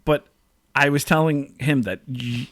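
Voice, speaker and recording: A man's voice: medium pitch, a little slow. A man co-hosting a podcast, telling stories in a casual chat and acting out quotes with big jumps in his voice. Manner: animated, acts out quotes with big voice jumps, laughs often. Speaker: podcast co-host.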